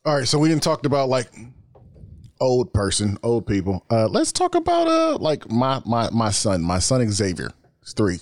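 A man's voice: medium pitch, wildly swooping pitch, normal speed, no echo. A man co-hosting a casual podcast, telling stories loosely with lots of fillers. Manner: loose storytelling with many "like" fillers. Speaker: podcast co-host. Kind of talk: casual chat.

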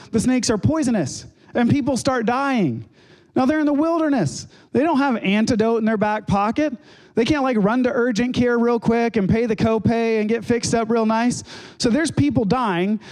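A man's voice: extremely high pitch, darkish tone. A male pastor giving a sermon, retelling a scripture story in a conversational way with casual asides.

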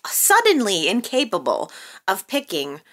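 A woman from the American Midwest and Texas hosts a soap opera chat show, talking casually to viewers with playful teasing asides and frequent laughs. Her mid-range voice swoops wildly in pitch, fairly bright in tone, at a measured pace.

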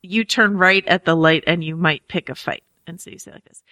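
Bright, chatty woman podcast host. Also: fairly low pitch, fairly even intonation, brisk, no room sound. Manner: chatty and self-mocking, laughing often. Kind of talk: casual chat.

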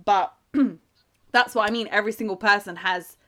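A woman's voice: medium pitch, moderate pace, fairly bright tone. A young woman co-hosting a casual podcast chat, laughing often and calling her friend "mate". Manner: chatty, laughs often, says "mate" a lot. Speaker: podcast co-host.

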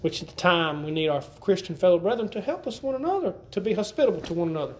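A man delivers a sermon in a conversational way, repeating phrases and asking his congregation questions. His voice sits high for a man. The sound is roomy, with the echo of a church hall. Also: expressive, fast. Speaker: preacher.

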